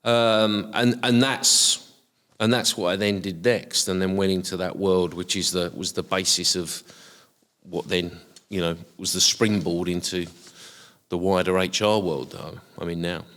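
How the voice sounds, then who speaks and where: A middle-aged man with a softened Essex estuary accent and a very low voice, talking over his career in a hesitant way full of ums and restarts. The voice rings out with a long reverb tail. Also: steady tone, unhurried. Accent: softened Essex estuary English. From Essex, England. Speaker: guest, HR professional. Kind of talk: casual reflective interview talk.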